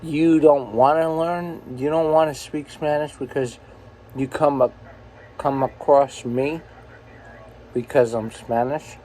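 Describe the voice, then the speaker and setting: A man's voice: a little high, fairly even intonation, slow pace, mellow, slight background noise, poor audio. A man in his forties, a truck driver, ranting in a profane, angry, rambling way while filming himself on a phone in his truck cab. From United States. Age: 40s. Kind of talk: ranting self-filmed vlog.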